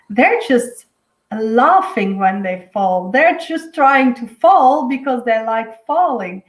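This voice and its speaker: A woman with a Dutch accent, a native Dutch speaker, giving a live spiritual reading in a dreamy, halting way with many fillers. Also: a little high, reverberant, poor audio. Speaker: intuitive medium giving a weekly reading. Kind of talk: live-streamed spiritual reading, casual chat.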